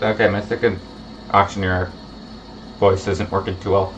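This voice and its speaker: A man streaming a game, chatting casually and drifting into low mumbled asides. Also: flat delivery, normal speed, a bit bright. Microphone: home streaming microphone. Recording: muffled lo-fi stream mic with faint hiss.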